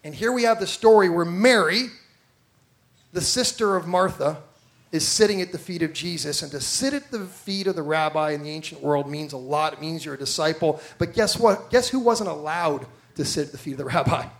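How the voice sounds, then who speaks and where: A male pastor with a high voice delivers a lively sermon. He tells stories with energy, acts out the people he quotes, and turns to the congregation with direct questions. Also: brisk.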